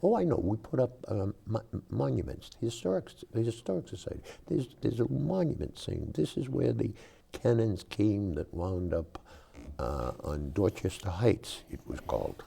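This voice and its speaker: An older man from South Boston, Massachusetts, with a Boston accent, speaks at a fairly low pitch and normal speed, his voice slightly rough with vocal fry. He hosts a local cable show, chatting casually and telling rambling, animated stories packed with fillers.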